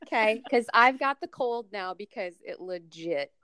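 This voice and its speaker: A woman from Minnesota joining a podcast as guest, joking with the hosts in casual chat. Her voice swings lively up and down around a mid pitch. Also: moderate pace, smooth. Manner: lively, teasing, uses y'all.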